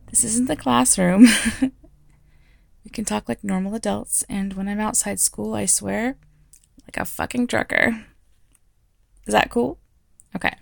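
A woman playing a slow, gravelly teacher. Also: medium pitch, fairly even intonation, no echo, clean studio sound. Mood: frank. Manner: teasing, blunt, laughs often. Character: playful, frank adult female teacher. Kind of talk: audio role-play.

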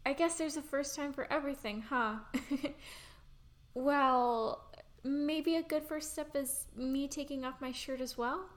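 A young woman performing an intimate audio role-play, breathy and pleading with soft giggles. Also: high voice, fairly even intonation, measured pace.

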